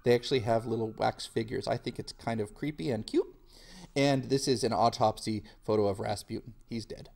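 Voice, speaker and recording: A man's voice: medium pitch, brisk, vocal fry, darkish tone. A male history teacher giving a casual video lecture in a jokey style full of slang.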